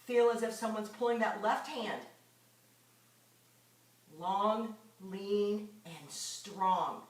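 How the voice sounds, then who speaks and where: Lady teaching a stretch and strength class, talks slow, counts reps, echoey room, mic kinda far. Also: medium pitch. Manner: coaching, counting reps aloud. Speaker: fitness instructor. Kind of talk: live-streamed exercise class.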